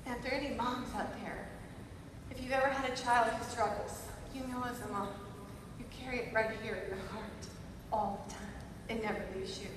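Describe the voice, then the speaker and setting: A woman in her thirties giving an emphatic motivational speech at a conference, moving between loud declarations and soft, quiet passages. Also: fairly high pitch, fairly even intonation, a little fast, noisy background. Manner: emphatic, swings from shouting to soft. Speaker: conference speaker. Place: large conference hall. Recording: echoey hall, voice from far off.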